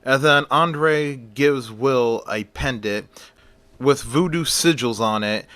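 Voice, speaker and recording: A male storyteller narrating horror in an animated way, his voice bright and forceful. The sound is close and dry, with no room echo. He talks at a natural, unhurried pace. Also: mid-range voice.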